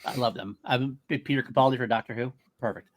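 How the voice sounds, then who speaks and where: A man's voice: mid-range voice, quick pace. A man co-hosting a podcast, chatting casually and enthusiastically, often repeating himself for emphasis. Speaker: podcast co-host. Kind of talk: casual chat.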